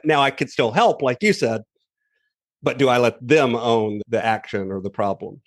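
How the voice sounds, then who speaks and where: A man hosts a podcast interview in a relaxed, conversational way. He tells little anecdotes to make his points. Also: mid-range voice, normal speed. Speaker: podcast host. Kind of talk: casual interview chat.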